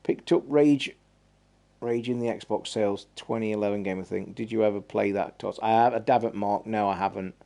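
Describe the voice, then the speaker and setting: A man's voice: fairly low pitch, steady tone, moderate pace, creaky, dark tone. A man hosting a gaming live stream, chatting in a rambling, blunt and sweary way. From England. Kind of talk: casual live-stream chat.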